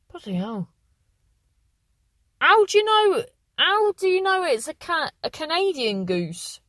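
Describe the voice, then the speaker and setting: A woman's voice: fairly high pitch, dry recording. A young woman hosting a podcast, chatting casually and reading out listener messages, rambling and correcting herself. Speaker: podcast host.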